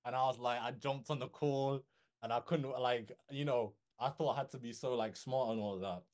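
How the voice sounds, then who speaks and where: A young male guest copywriter telling a story in a relaxed chat, animated and peppered with "bro" and "yo". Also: mid-range voice, moderate pace.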